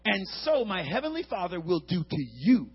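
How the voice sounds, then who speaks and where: A preacher man delivers a lively sermon with a high, husky voice. He dramatizes the scripture with big shouts and sudden quiet asides, and the recording sounds dull and lo-fi. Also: moderate pace. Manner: dramatic, acts out Bible characters, swings from shouts to hushed tones.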